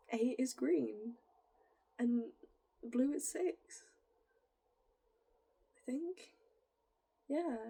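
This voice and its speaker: A woman's voice: high-pitched, vocal fry, slightly rough. Giggly young woman with northern English accent. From northern England. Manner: rambling, giggly, drifts into soft whispery asides. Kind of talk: casual musing monologue.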